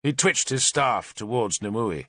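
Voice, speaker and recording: A man's voice: medium pitch, animated, unhurried, sharp tone, dry recording, clean studio sound. A man narrating an audiobook in a dramatic, intense storytelling manner.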